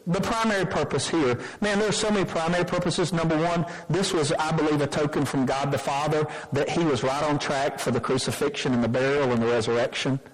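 High-voiced male pastor preaching emphatically. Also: fairly even intonation, a little fast, few pauses, poor audio. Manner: emphatic preaching with repeated restarts. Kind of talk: sermon.

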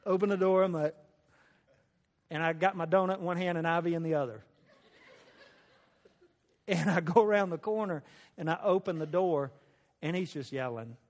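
A man's voice: a little high, normal speed, long pauses. A man sharing a personal testimony in a folksy, conversational storytelling style, with laughter. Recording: long reverb of a large hall.

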